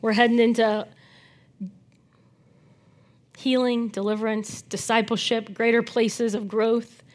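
Woman preacher, kinda high voice, gets loud then drops almost to a whisper, chatty with the room. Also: slow. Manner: animated, swings between loud emphasis and soft near-whispers; chatty asides with the congregation. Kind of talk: sermon.

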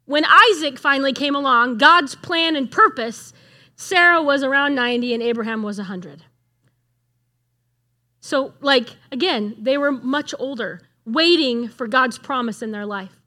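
Bright-voiced woman preaching warmly. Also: high voice, a little slow. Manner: earnest, conversational, asks the room questions. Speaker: speaker at a church gathering. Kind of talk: sermon.

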